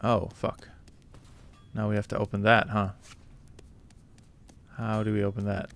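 A man's voice: on the low side, monotone, a little slow, slight background noise. Laid-back man narrating his gameplay. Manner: laid-back, muttering asides to himself. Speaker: let's play gamer. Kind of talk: casual gameplay commentary.

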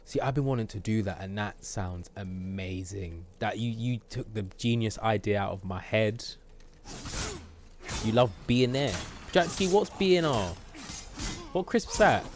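A man's voice: on the low side, unhurried, a little hiss or hum. A British man streaming a game live, chatting playfully with viewers and joking as he plays. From Britain. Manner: playful, banters with chat, jokes and mutters at the game.

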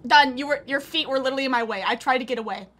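A woman streamer chatting excitedly through live gameplay, laughing often. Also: high voice, racing. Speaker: gaming streamer. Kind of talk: casual live gameplay commentary.

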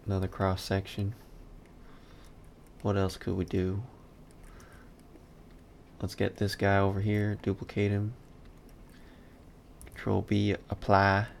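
Unhurried, gravel-voiced male instructor talking through his live modeling session, faint hiss in the recording. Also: on the low side, completely flat delivery. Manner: muttering, self-talk, dry asides while working. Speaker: 3D modeling instructor streaming a class. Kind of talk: casual live-stream tutorial commentary.

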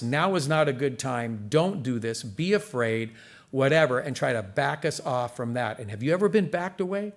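Earnest conversational male pastor preaching. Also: mid-range voice. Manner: earnest, conversational preaching that addresses the congregation directly. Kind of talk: sermon.

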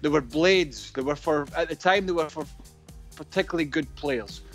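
A man's voice: a little high, animated, moderate pace, faint music behind. A middle-aged man, a former footballer, telling rambling anecdotes as a pundit with many hesitations. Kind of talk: casual studio chat.

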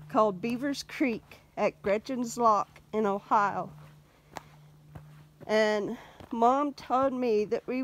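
A middle-aged woman vlogging as she walks, talking in a heartfelt way and tearing up, a little sniffly. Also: fairly high pitch. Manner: tearful, heartfelt. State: teary, sniffly. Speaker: vlogger on a walk. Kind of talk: casual vlog chat while walking.

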